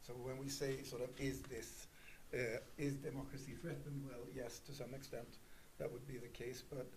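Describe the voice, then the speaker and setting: A man's voice: medium pitch, level tone, moderate pace, a little mellow, slight background noise, low-quality recording. A man on a discussion panel, answering hesitantly with many fillers as he thinks aloud.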